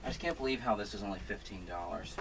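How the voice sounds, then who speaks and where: Man, home crafting vlogger, low voice, rambling and self-mocking, noticeable background noise. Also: fast talker, a bit bright. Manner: rambling, full of fillers and restarts; self-deprecating. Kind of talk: casual rambling vlog. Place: room at home. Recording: noisy home recording.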